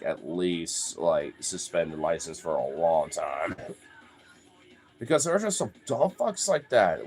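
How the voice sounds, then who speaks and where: A young man telling stories casually, rambling, swearing a lot and filling his talk with "like.". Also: deep voice. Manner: rambling, profane, many "like" fillers. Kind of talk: casual storytelling.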